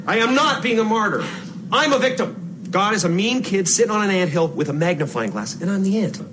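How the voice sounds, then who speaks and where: A man's voice: high-pitched, animated, brisk. An actor playing a frustrated man who rants sarcastically at God, from a film clip. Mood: bitter. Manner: sarcastic, ranting. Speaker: film character. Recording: film clip played with ambient noise.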